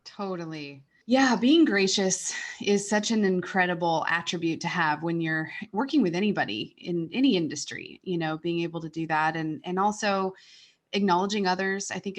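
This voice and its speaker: Woman, podcast host, casual chat, heartfelt, earnest. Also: on the low side.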